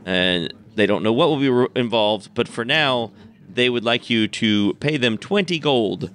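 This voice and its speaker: Guy dm narrating the game, bright voice, laughs a lot. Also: mid-range voice, measured pace. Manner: steady storytelling with frequent chuckles. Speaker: game master.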